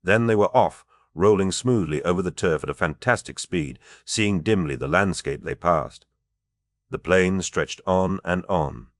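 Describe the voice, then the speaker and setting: A man narrating a fantasy audiobook in a measured, even reading style. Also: sits low, no echo, clean studio sound. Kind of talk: scripted narration.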